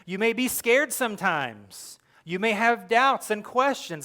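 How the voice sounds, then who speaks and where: A young adult male pastor giving a sermon, telling the story with lively, acted-out quotes and earnest direct address. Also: very high voice, unhurried, few pauses. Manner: animated storytelling, acting out quoted lines.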